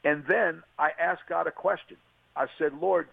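A man's voice: on the high side, very animated, moderate pace, creaky. A man, an interview guest, giving an earnest and emotional personal testimony on a radio call. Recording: tinny phone line, dry.

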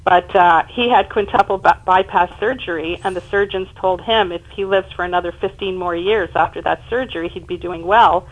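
A woman in her fifties, a guest on an interview show, telling her family's story in an emphatic, animated way. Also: lowish voice, normal speed, few pauses, lo-fi sound. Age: 50s. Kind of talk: personal storytelling in conversation.

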